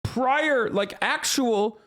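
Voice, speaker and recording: A man's voice: very high voice, extremely slow, fairly bright tone. A man streaming a reaction to a news story, heated and profane, repeating himself and asking "okay?" often. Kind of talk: livestream reaction commentary.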